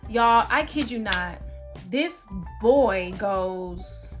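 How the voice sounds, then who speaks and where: A young woman vlogger, telling a story casually to her viewers, animated and exclamatory with a lot of "like". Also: medium pitch, very slow, faint music behind.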